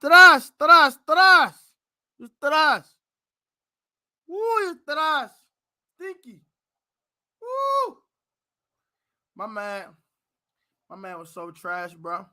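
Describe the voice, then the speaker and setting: An American man hosting a fan live stream, ranting loudly about his team's players and shouting at times. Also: very high voice, drawn-out words, long pauses. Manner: loud, animated ranting, shouting and laughing. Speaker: sports fan show host. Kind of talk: heated live-stream rant.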